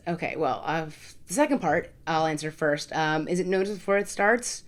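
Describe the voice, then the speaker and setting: A woman's voice: low voice, normal speed, hardly any pauses, soft background music. A woman vlogger answering viewer questions in a casual, frank way, often repeating words for emphasis. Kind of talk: casual Q&A to camera.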